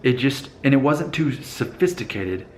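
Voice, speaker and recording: A man's voice: mid-range voice, very animated, normal speed, roomy sound, slight background noise. An American man talking casually to camera, thinking aloud, with frequent fillers and restarts. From United States. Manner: thoughtful, hesitant, with many fillers and restarts. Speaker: vlogger.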